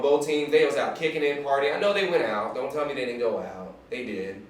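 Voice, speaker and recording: A man's voice: medium pitch, a little fast. Hyped young man in an echoey room. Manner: hyped, slangy and joking. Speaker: sports picks host. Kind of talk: casual sports talk. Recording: echoey room, mic far off.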